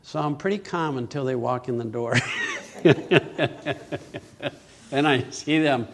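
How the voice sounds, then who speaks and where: An older man telling a personal story in an animated way, acting out his own panic. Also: mid-range voice, slow pace. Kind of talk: storytelling talk.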